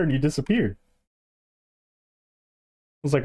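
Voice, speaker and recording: While streaming a game, a man with a lowish voice talks at a moderate pace to the players alongside him. He's casual and animated, letting out yelps and laughs as he chats.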